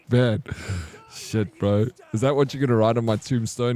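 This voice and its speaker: A man's voice: mid-range voice, steady tone, normal speed, warm tone. A man streaming a game and chatting casually with his viewers, teasing them back in playful banter. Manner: playful teasing banter, reads chat aloud.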